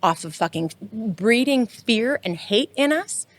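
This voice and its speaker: A woman with a somewhat high voice co-hosts a casual podcast chat. She speaks with heated conviction, cursing freely and tagging her points with "right?". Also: expressive, unhurried. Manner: impassioned, swears often, frequent "right?" tags. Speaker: podcast co-host.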